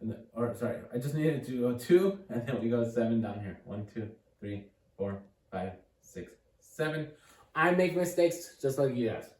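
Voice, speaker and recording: A man's voice: mid-range voice, animated, moderate pace, a little mellow. A man giving a casual, upbeat math lesson at a board, thinking aloud and encouraging the viewer. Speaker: math tutor. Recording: echoey room, mic at a distance.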